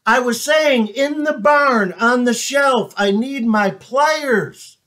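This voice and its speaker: A man voicing a worn-out farmer who yells across a field, exasperated. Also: very high voice, slow pace, distant mic, pitched above the performer's own voice, full character voice. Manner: yelling, exasperated.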